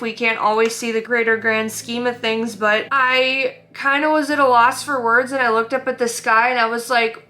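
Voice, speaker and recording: A woman's voice: on the high side, pushed and bright. A woman vlogger talking frankly to camera in a heartfelt way, swearing casually as she opens up. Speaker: artist vlogger. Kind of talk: candid talking-to-camera vlog.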